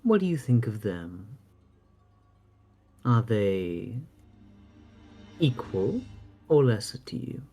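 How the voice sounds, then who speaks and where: A man's voice: lowish voice, sing-song, slow pace, long pauses, warm tone, faint music behind, full character voice. A man voicing a polite, curious female adventurer who speaks formally. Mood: courteous.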